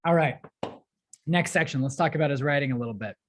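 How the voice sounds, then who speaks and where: A woman with a somewhat low voice lectures her class. She explains things step by step, dropping in small fillers as she goes. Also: fast, slight background noise. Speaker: teacher.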